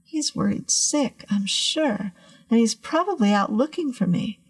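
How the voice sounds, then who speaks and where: A woman's voice: a little high, expressive, unhurried, husky, heavily acted. A woman voicing a worried, lost teenage boy in a storybook reading. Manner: worried, fretful.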